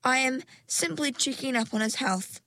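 Storybook part: woman playing a falsely sweet mermaid lady, pitched up, affected and posh. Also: expressive, moderate pace, bright, forceful tone, no echo, full character voice. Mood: sugary. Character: vain, sugary grown mermaid lady. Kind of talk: storybook narration.

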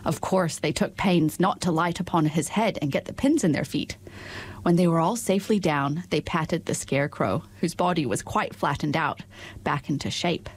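A woman narrating a storybook in a measured, expressive reading voice. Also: deep voice, husky.

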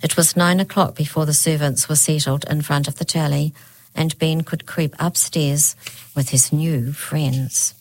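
A woman narrating a children's story aloud in a clear, expressive storytelling manner. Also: low-pitched, measured pace, no room sound, rough recording.

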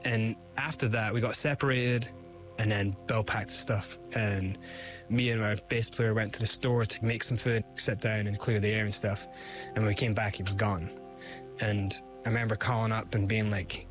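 A man's voice: on the low side, steady tone, normal speed, faint music behind. A middle-aged man, a guest in an interview, telling his story with animation and acting out the voices he quotes. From Scotland.

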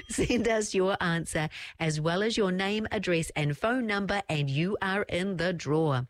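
A woman's voice: fairly low pitch, measured pace, few pauses. A woman hosting a children's radio show, playfully announcing a competition. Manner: playful, teasing with silly answer choices.

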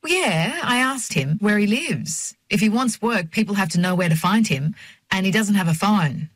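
A woman's voice: mid-range voice, lively intonation, normal speed, dry recording, voice pushed up. A narrator voicing a chatty young woman working as a store cashier, speaking in a breezy, matter-of-fact way. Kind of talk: audiobook character voice.

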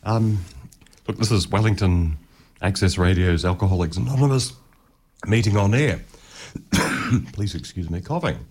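Deep husky host. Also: male voice, normal speed, a little mellow. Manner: hesitant, many ums. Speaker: radio show host.

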